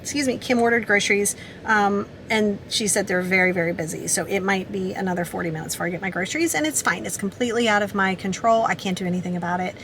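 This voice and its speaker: A woman's voice: medium pitch, fast, few pauses, noisy background. A woman vlogging casually to camera, upbeat and chatty, full of "like"s. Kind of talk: casual vlog talk to camera.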